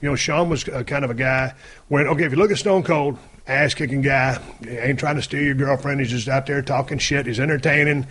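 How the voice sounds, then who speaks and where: A man's voice: medium pitch, steady tone, fairly quick, a bit bright, husky. A man hosting a podcast, chatting casually in a blunt, slangy drawl and often repeating his words. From South Texas. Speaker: podcast host. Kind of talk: casual chat.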